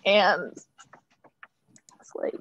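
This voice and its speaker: A woman's voice: extremely slow, a bit bright, highs cut off. A tired woman player chatting casually and giggling. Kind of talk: casual chat.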